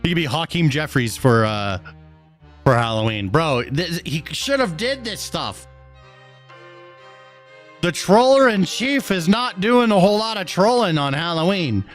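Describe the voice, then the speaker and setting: Casual male streamer, relaxed chatter with chat, slightly higher voice, faint music underneath. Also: moderate pace. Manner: laid-back, chuckling, talks to chat.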